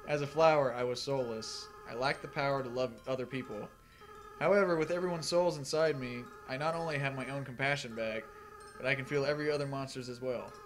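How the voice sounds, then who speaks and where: A man reading aloud as a remorseful, tearful young goat-monster boy, in a soft, earnest and halting way. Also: mid-range voice, steady tone, natural voice. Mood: sad.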